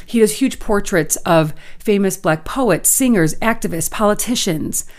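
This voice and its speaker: This podcast co-host, a woman with a mid-range voice, speaks at an unhurried pace. She's telling a story in relaxed conversation, animated and acting out the quoted lines herself.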